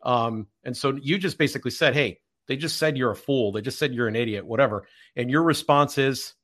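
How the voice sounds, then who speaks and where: A podcast host with a plain mid-range male voice leads the conversation. He thinks out loud and often rephrases himself as he sets up questions. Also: medium pitch, a little fast. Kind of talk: casual interview chat.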